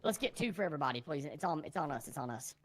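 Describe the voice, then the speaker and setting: Woman, fast and lively, shouting orders in rp. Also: low voice, over a noisy crowd. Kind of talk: casual role-play banter.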